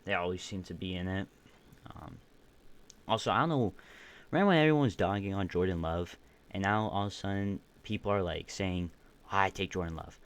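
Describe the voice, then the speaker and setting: A young man hosting his own podcast stream, rambling casually with opinionated takes, a bit groggy and burping. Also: low-pitched. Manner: rambling, opinionated, many restarts. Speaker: podcast host ranking football teams. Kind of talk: casual solo stream commentary.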